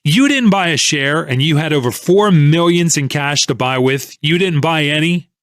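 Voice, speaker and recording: A man reading an audiobook voices a furious male stock trader who shouts angry accusations. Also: fairly high pitch, expressive, normal speed, no room sound, studio quality.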